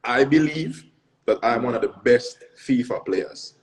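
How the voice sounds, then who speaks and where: A man's voice: mid-range voice, expressive, unhurried, poor audio. A young Jamaican man answering interview questions in an earnest, reflective way. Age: young adult. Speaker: guest athlete.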